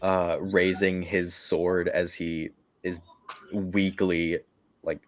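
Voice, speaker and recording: A man runs a tabletop game, describing the scene in slow, halting narration with frequent fillers. His voice is very low and unhurried. The pitch barely moves. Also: flat delivery, slight background noise. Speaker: game master.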